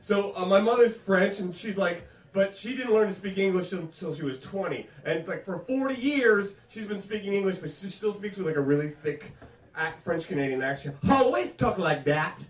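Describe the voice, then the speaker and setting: On a comedy club stage, a man performs stand-up, working the crowd with punchy, profane stories. His voice sits high and moves at a moderate pace, captured far from the mic with a roomy, live club sound.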